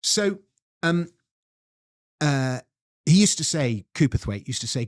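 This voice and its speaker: A man with an English accent, a guest who tells history as a lively story and reads quotes aloud. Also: a little high, takes it slowly, pauses often, no echo, clean studio sound. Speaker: guest author.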